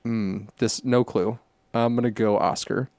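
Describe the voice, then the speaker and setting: A man's voice: medium pitch, fairly even intonation, unhurried, a little mellow, smooth, dry recording. A man co-hosting a podcast who plays along as a quiz contestant, goofy and self-mocking. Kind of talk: casual podcast chat.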